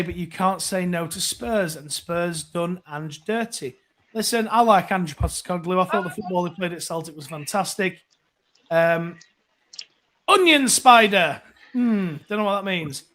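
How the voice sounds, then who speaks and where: A man's voice: sits high, normal speed, fairly bright tone. A man hosting a casual live phone-in, reading out viewer comments in a chatty, rambling way with plenty of fillers.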